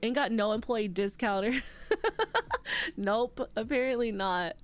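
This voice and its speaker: Tearful young woman streamer, slightly high. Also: a little slow. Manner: swears freely, reads chat aloud and answers it. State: tearful, on the edge of crying. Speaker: VTuber streamer. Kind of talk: casual chat with stream viewers. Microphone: desk microphone with headphones.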